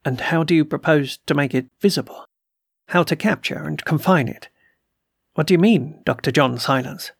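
A man voicing an excitable, blustering older army colonel who bursts out with agitated questions in an audiobook reading. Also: on the high side, normal speed, vocal fry, slightly rough, no echo, clean studio sound.

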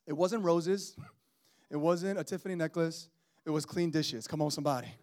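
A male pastor in his thirties delivers a sermon with a fairly high-pitched voice. He preaches in an animated, conversational manner and calls out to his congregation. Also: moderate pace.

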